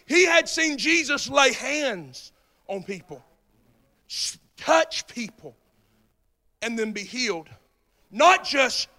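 A male preacher with a strikingly high voice delivers a fervent sermon. He builds to shouts and keeps calling out to the congregation to stay with him.

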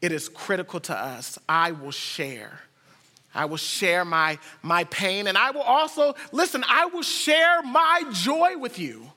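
A man from the United States preaching a sermon as a pastor, telling stories and swinging from hushed to excited. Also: high voice, a little slow, long reverb tail.

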